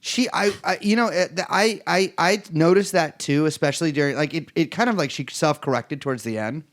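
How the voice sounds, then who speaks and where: A man's voice: a little high, fairly quick. A young man from the East Bay co-hosting a podcast, talking casually and profanely with lots of restarts. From East Bay, California. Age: young adult. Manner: rambling, stumbling restarts, profane. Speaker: podcast co-host. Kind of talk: casual political chat.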